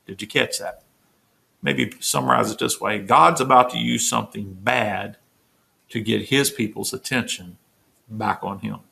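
A man's voice: on the low side, unhurried, gravelly, sharp tone. A man, a pastor, teaching a Bible study sermon in an earnest, emphatic way, restating his points to the listeners.

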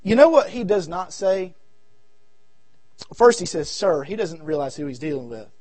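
A man with a Southern American accent preaching a revival sermon, swinging from shouted appeals to low murmurs and repeating his phrases. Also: lively intonation, normal speed, dry recording. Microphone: audio recording of a church service.

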